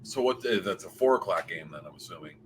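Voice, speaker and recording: A man's voice: low voice, expressive, fast, slightly rough. A man co-hosting a casual football picks chat, playful and teasing, laughing often. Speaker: podcast co-host.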